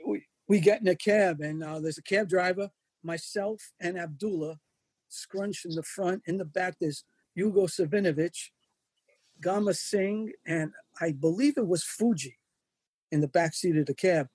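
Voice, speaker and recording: An older man tells stories in a high, husky voice with a mellow, dark tone. He is animated and slips into other people's voices as he recounts what happened. The sound is dry and close. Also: a little slow, no room sound. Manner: animated anecdotes, acts out quoted voices. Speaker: wrestling photographer and magazine editor. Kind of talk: storytelling in an interview.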